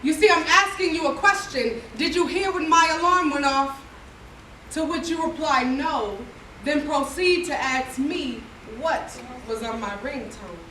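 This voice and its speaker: High-voiced woman performing spoken word poetry. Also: a little slow, bright, forceful tone. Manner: rhythmic, repeating refrains. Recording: echoey room from far off, faint noise.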